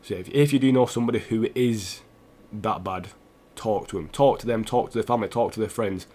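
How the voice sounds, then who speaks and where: A young man, a gaming streamer, talking earnestly and haltingly to his viewers while close to tears. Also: fairly low pitch, dark tone. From England. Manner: earnest, halting, with restarts and repeated phrases. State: tearful, close to crying. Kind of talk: emotional personal address to stream viewers.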